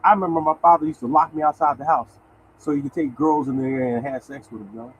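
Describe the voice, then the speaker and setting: A man's voice: on the high side, fast talker, lo-fi sound, a little hiss or hum. A man in his sixties hosting a lottery show, talking bluntly and swearing, speaking. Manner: animated, blunt, swearing, addresses audience as y'all. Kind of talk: casual monologue to viewers.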